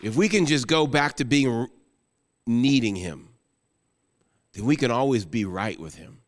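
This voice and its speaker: A guest pastor preaching an emotional sermon, rising to exclamations and then falling soft into prayer. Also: male voice, mid-range voice, animated, unhurried, long reverb tail.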